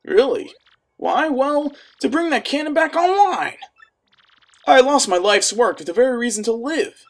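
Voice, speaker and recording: A hoarse man voicing a sleepy old male bomb general who goes from gloomy to pompous. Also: extremely high pitch, expressive, a little slow, fairly bright tone, pitched above the performer's own voice, exaggerated voice.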